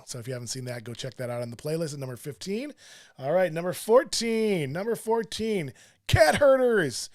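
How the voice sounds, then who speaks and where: A man's voice: mid-range voice, a little mellow. A middle-aged man hosting a sports show, chatting casually through a countdown list, rambling with lots of fillers and self-deprecating asides.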